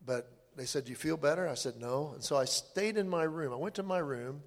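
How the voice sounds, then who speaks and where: An older man telling his personal testimony in a halting, earnest way, with many restarts. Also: fairly high pitch. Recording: long hall reverb.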